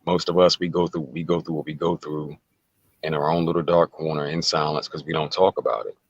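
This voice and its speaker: A man's voice: extremely low pitch, steady tone, brisk, slightly rough, dry recording, lo-fi sound. A man talking as an interview guest, emphatic and casual, repeating words and firing rhetorical questions. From United States.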